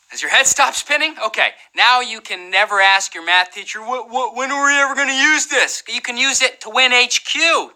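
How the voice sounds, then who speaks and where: A woman's voice: mid-range voice, rough recording. A woman hosting a live trivia game show, playful and joking as she reads questions and banters with players. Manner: wired and energetic.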